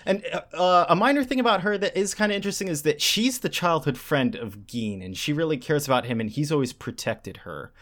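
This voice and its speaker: A man's voice: fairly high pitch, fairly quick, few pauses. A man co-hosting a podcast, chatting casually and acting out character lines as he recaps an anime. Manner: animated, acts out character lines while recapping. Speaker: podcast co-host. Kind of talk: casual chat.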